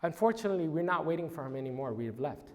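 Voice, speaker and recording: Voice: medium pitch, lively intonation, very fast, a little mellow. Earnest church teacher in reverberant hall. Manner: earnest, emphatic, with some restarts. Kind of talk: church history lesson.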